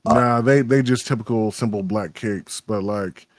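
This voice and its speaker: A man's voice: fairly low pitch, a little slow, no echo. A man with a Texas accent co-hosting a podcast, rambling in casual chat with lots of swearing and restarts. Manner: rambling, profane, many restarts. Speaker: podcast co-host.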